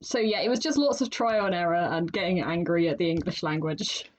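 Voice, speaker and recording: A woman co-hosts a writing podcast, chatting casually and laughing often in an animated way. Her voice sits fairly low and she speaks fairly quickly.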